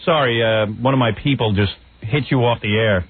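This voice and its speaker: A man's voice: mid-range voice, brisk, slight background noise. A man hosting a heated radio call-in, mocking and hurling insults at a caller. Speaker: radio host. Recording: phone-like radio broadcast audio.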